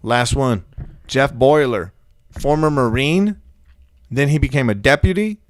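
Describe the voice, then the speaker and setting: A man's voice: medium pitch, animated, unhurried, dry recording. A man co-hosting a casual podcast, telling stories in a profane, slangy way and acting out the quotes. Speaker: podcast co-host. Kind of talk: casual storytelling chat.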